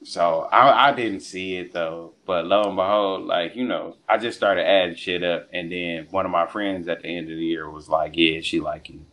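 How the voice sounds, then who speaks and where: A young man casually telling a story on a podcast, animated and profane, acting out what people said. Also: deep voice, moderate pace, hardly any pauses. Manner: animated, acts out quotes, profane. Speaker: podcast guest.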